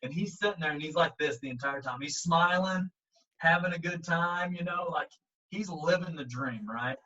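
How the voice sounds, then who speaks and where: A man, a baseball coach, tells a story with a bright, forceful voice, acting out the quotes as he goes. His voice sits a bit high for a man. He's set back from the mic, and the audio sounds a little dull. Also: moderate pace, far from the mic. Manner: animated, acts out quotes, frequent fillers. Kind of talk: casual storytelling in an interview.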